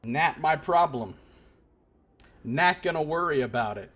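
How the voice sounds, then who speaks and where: A man's voice: on the high side, animated, unhurried, a bit bright. A man streaming a game from his apartment, giving sarcastic, profane commentary as he riffs aloud. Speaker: let's play streamer.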